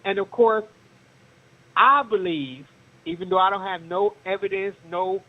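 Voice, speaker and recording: A man's voice: high voice, measured pace. A man calling in to a talk show, rambling and repeating himself with lots of fillers. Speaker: caller. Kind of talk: casual call-in talk. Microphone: phone. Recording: tinny phone line.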